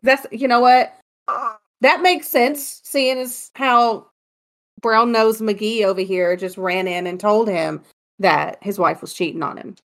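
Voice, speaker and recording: A woman's voice: medium pitch, steady tone, slow, fairly bright tone. A woman co-hosting a casual chat, telling ghost stories in a joking, chatty way. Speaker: podcast co-host.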